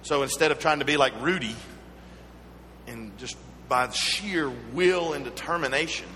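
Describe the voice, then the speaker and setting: A Southern American man preaching a sermon in a bright, forceful voice. He moves between earnest teaching and personal stories told with gentle humor. His voice rings through a hall with a long echo and a faint hum behind it. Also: on the high side, moderate pace. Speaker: pastor.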